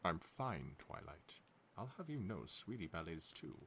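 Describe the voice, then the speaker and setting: A prim, haughty female pony with a put-on, vaguely British accent, fussing and scolding as a man voices her in a fan-fiction read-aloud. The voice sits very low but swings widely as she tuts and coaxes. The manner stays fancy and fussy throughout. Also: very animated, moderate pace, creaky, fairly bright tone, slight background noise, heavily acted.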